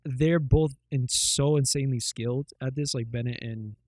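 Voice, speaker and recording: A man's voice: medium pitch, fairly even intonation, moderate pace, a little mellow, no echo. Rambling man in casual podcast chat. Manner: rambling, loose retelling full of fillers and swearing. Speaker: podcast co-host.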